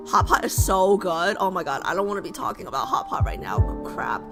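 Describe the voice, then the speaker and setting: A woman's voice: mid-range voice, sing-song, fairly quick, vocal fry, few pauses, over music. A woman streamer chatting casually with her viewers, rambling and often asking them questions. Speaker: live streamer. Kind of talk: casual live-stream chat. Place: home streaming setup in New York.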